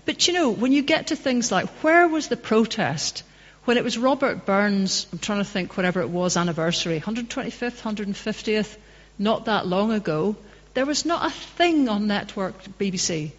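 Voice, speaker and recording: A woman's voice: medium pitch, expressive, moderate pace. Woman, from Northern Ireland, passionate Q&A answers, muffled sound, hall reverb. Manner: conversational, anecdotal and passionate. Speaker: guest speaker. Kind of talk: public talk Q&A. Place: public hall. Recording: dull echoey hall recording.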